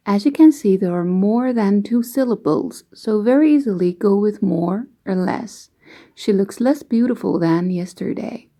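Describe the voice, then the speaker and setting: A woman explaining English grammar rules slowly and patiently, giving example sentences as an online teacher. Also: medium pitch, mellow. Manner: slow, careful, patient explaining.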